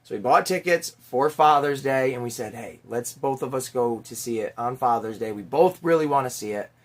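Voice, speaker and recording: A middle-aged man telling a Father's Day story in a casual, animated way, swearing now and then and acting out the people in it. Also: medium pitch, normal speed. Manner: animated, chatty, swears casually, mimics voices in anecdotes. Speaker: toy collector vlogger, father.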